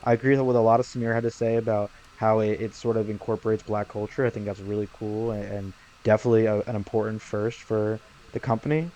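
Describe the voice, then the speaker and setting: A man co-hosting a podcast, arguing against a film in a quick, combative way. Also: on the low side, flat delivery, warm tone, lo-fi sound. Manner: fast-talking and argumentative. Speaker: podcast co-host. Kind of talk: casual film debate.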